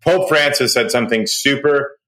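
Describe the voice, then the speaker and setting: A man hosting a podcast in casual chat, excitable and loud, ranting with sudden rises in pitch when worked up. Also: normal speed, rough recording. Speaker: podcast host.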